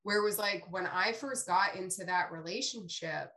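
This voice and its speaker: A woman's voice: mid-range voice, moderate pace. A young woman hosting a podcast, talking openly and laughing easily in casual conversation. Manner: open, animated, laughs easily.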